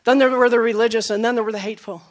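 A woman preacher giving a sermon, telling stories with acted quotes, moving from emphatic lines to soft, low asides. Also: steady tone, rapid-fire. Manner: storytelling, with acted quotes and laughs.

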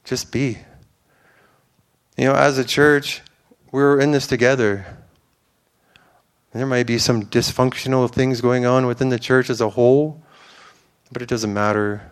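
Man preaching, earnest, rambling, smooth clear voice, mid pitch. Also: fairly even intonation, normal speed. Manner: earnest, rambling, many fillers and restarts. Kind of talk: informal sermon.

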